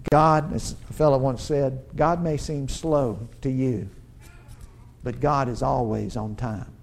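A man preaching a sermon, pausing for emphasis and building to urgent, rising lines, often restarting and repeating words as he works toward a point. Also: medium pitch, steady tone, creaky, slight background noise. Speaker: pastor.

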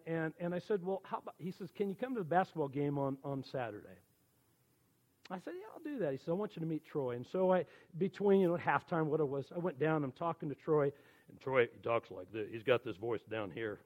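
A man in his sixties, a church elder, telling conversion stories in a folksy, animated sermon. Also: fairly high pitch, fast, dull audio. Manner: animated, folksy storytelling with quoted dialogue. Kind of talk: storytelling sermon.

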